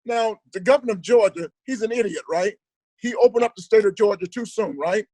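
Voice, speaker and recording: An older male comedian chatting on a video call, ranting with animated, profane energy while holding his phone. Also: high voice, brisk, no room sound. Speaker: comedian guest. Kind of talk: casual video call chat. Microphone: handheld phone on video call.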